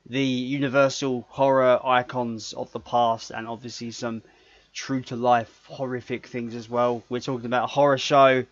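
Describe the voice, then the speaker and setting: A man's voice: mid-range voice, a bit bright, no room sound. A man co-hosting a podcast in casual chat, jokey and rambling, often stumbling over his words. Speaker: podcast co-host. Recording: dry, slightly dull podcast audio.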